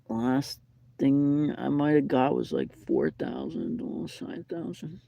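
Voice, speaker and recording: A man's voice: mid-range voice, wildly swooping pitch, takes it slowly, creaky, dark tone, dull audio. A young man telling a rambling story on a live stream, with lots of fillers and repeated phrases. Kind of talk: casual live-stream chat. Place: McDonald's restaurant.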